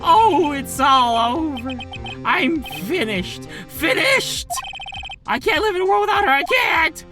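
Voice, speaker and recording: A high, shrill, melodramatic young man in a video game, wailing that all is lost, as a man puts him on. He shouts and sobs his lines in despair, swinging wildly up and down in pitch, with music playing behind. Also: sing-song, takes it slowly, heavily acted.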